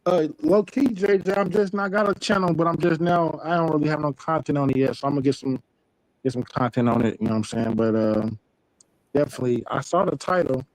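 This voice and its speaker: A man speaking as a guest on a casual live stream, earnest and halting, explaining as he goes. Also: fairly high pitch, no echo, low-quality recording.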